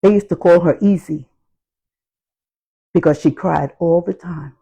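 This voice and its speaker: A woman giving a motivational talk on healing, speaking in slow, emphatic, repetitive phrases. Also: on the low side, gravelly, dark tone, slightly rough, rough recording.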